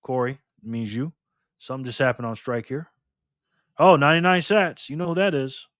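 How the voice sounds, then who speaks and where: A man hosting a casual livestream, calling out viewers and donations with upbeat shout-outs. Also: mid-range voice, steady tone, fairly quick, no room sound, clean studio sound. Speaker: livestream host.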